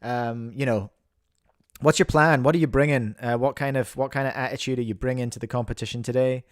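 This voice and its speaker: A man with a New Zealand accent hosts a livestream, giving playful, rambling mock sports commentary and poking fun at himself. His mid-range voice is fairly even in intonation at a moderate pace, recorded dry with clean studio sound.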